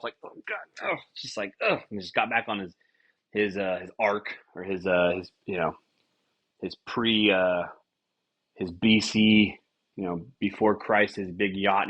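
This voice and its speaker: A husky young man with a lowish voice riffs on whatever comes to mind, swearing freely and jumping into little acted-out lines. The sound is slightly dull and lo-fi. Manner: rambling, profane, animated with acted-out quotes. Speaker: podcast host. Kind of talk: casual comedic monologue.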